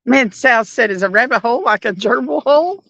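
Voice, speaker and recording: A woman's voice: a little high, animated, brisk, vocal fry, fairly bright tone, no room sound. A woman hosting a fishing livestream from a boat, chatting casually, giggling often and reading viewer comments aloud. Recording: dull muffled audio.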